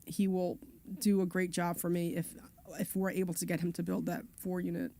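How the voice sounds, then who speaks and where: A woman's voice: lowish voice, flat delivery, moderate pace, dark tone. A woman co-hosting a radio talk show, telling long, chatty stories about her property deals. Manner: chatty, long-winded storytelling. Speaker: co-host.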